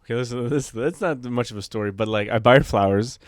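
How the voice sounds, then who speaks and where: A man's voice: mid-range voice, fast talker, no room sound, studio quality. A man co-hosting a podcast, telling a rambling story in casual chat, swearing and acting out what people said. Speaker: podcast co-host.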